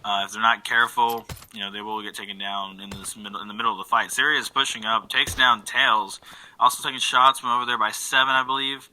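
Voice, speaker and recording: A man giving relaxed play-by-play commentary on an online game match, full of fillers and quick self-corrections. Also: lowish voice, low-quality recording. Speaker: esports caster.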